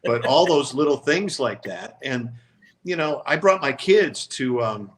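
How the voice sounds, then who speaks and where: A man's voice: medium pitch, expressive, measured pace. An older man, co-hosting a sports talk show and telling long stories in a reflective, regretful way. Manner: reflective, regretful storytelling with quoted voices. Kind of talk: casual storytelling chat.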